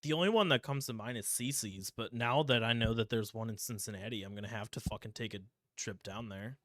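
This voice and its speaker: A man's voice: fairly low pitch, fairly quick, no room sound. Midwest guy on a podcast, dry close sound, rambly and swears a bit. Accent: Midwestern American. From Ohio, USA. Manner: animated storytelling, swears casually. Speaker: podcast co-host. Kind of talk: casual chat.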